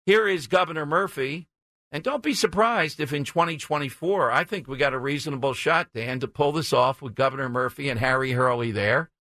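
A man's voice: fairly high pitch, brisk, pushed and bright, no room sound. A man hosting a talk radio show, blunt, combative and sarcastic. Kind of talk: opinionated talk radio monologue.

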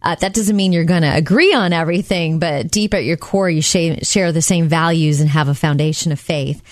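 Lively woman co-host, dry close sound. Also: low-pitched, fairly quick, no echo. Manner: animated storyteller, lively. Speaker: radio co-host. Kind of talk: casual chat.

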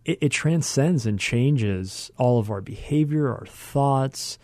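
A man's voice: medium pitch, expressive, slow, warm tone, no echo, clean studio sound. A man hosting a faith podcast, affirming his guest and reflecting at length in thoughtful phrases. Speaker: host.

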